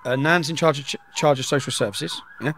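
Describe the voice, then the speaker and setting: Fast-talking man telling a story. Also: on the high side, a little hiss or hum. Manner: rapid, animated storytelling, acting out dialogue. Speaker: guest. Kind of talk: storytelling in a podcast interview.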